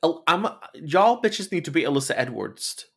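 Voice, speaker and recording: A man's voice: a little high, sing-song, moderate pace, gravelly, slightly rough. A man co-hosting a podcast in casual chat, sassy and blunt, with slangy phrasing. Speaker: podcast co-host.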